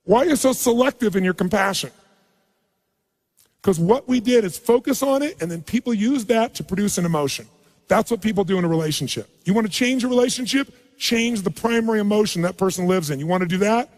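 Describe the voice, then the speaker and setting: A middle-aged man giving a motivational seminar talk to a live audience, telling stories softly and then building to loud rallying calls. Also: lively intonation, fairly quick. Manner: storytelling, drops low and soft for emotional quotes, then rises to loud rallying. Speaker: motivational speaker. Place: large hall with live audience. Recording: long hall reverb.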